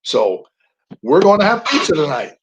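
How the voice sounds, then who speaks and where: An older man, a guest on a radio interview, telling personal stories with animated emphasis on single words. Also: a little high, normal speed, rough recording. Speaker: guest, veteran.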